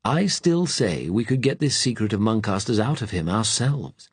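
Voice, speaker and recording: A man's voice: lowish voice, big pitch swings, normal speed, creaky, darkish tone, slightly rough, no echo, voice pushed up, exaggerated voice. A man voicing a ruthless upper-class male plotter with a languid drawl. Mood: cool.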